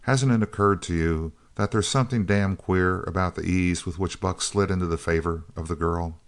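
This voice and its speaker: A man's voice: low-pitched, fairly even intonation, moderate pace. A man reading the lines of an angry, suspicious male outlaw lieutenant with fierce, accusing speech.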